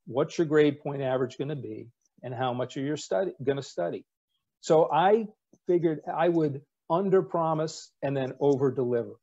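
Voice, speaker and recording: A man in his sixties, a retired navy captain, telling anecdotes in a wry, relaxed way with casual fillers. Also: a little high, normal speed, dull audio. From United States. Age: 60s. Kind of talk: anecdotal storytelling talk.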